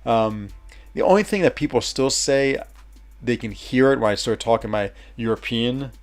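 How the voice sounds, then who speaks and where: A man's voice: mid-range voice, moderate pace, soft background music. A man with an American accent, chatting casually with viewers as a streamer, rambling with many fillers and restarts. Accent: American, with a West Virginia lilt. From United States.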